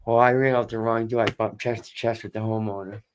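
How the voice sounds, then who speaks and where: A man's voice: on the low side, little pitch movement, a little fast, slight background noise. A man with a Boston accent telling his story as a podcast guest, candid and rambling, swearing and repeating himself. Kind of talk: casual storytelling.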